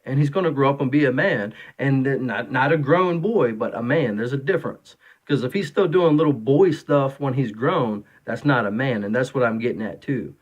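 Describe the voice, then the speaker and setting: A man's voice: mid-range voice, moderate pace, hardly any pauses, lo-fi sound. A man in his thirties, a father of three, talking casually and rambling through an opinion monologue, full of fillers and restarts.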